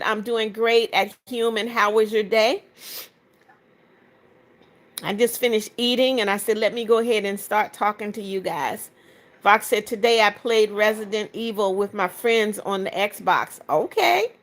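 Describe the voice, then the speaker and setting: A woman hosting a casual livestream, reading viewer comments aloud and greeting each person by name in a chatty, affectionate way. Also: mid-range voice. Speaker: livestream host.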